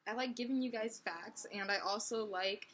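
A woman's voice: medium pitch, normal speed, background noise. A young woman vlogging to camera, retelling a text argument and playing out both sides with lots of laughter. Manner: animated, laughs often, acts out both sides of a chat. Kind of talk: casual storytelling vlog.

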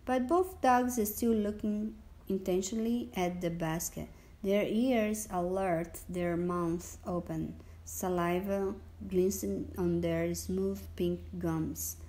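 A woman reading a novel aloud for a school lesson, with clear, deliberate phrasing. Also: fairly low pitch, fairly even intonation, dark tone, poor audio. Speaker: narrator.

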